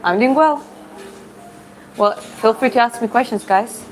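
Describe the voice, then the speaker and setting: This Georgian woman, speaking with a Georgian accent, hosts a livestream and coaches fitness, answering chat questions in a relaxed, chatty way while often searching for words. Her voice sits on the high side and moves a little slowly. The audio is poor, with slight background noise.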